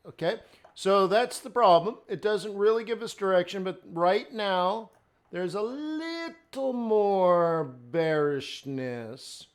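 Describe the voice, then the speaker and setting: A man's voice: high voice, expressive, takes it slowly. A man hosting a live trading stream, talking viewers through his charts and explaining patterns as he goes. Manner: hums and raps to himself while charting. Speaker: forex trading stream host.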